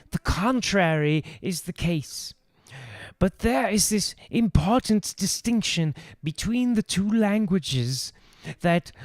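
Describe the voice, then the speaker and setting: A man's voice: high-pitched, a little mellow, no echo. A man voicing a stuffy old-fashioned male voice teacher, reading aloud in a throaty, strained, formal way.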